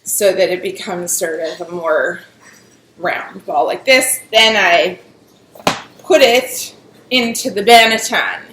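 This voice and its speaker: A woman's voice: on the low side, slow pace, a bit bright, reverberant, a little hiss or hum, rough recording. A woman showing a bread recipe in her home kitchen, chatty and giggly as she talks through each step. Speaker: home baker demonstrating a recipe. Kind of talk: casual cooking demonstration.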